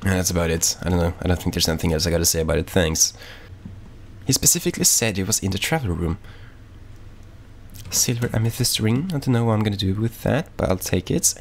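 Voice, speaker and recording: A man's voice: sits low, animated, quick pace, vocal fry, a little hiss or hum. A man giving casual, rambling let's-play commentary, swearing freely and talking offhandedly as he plays. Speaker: gaming YouTuber.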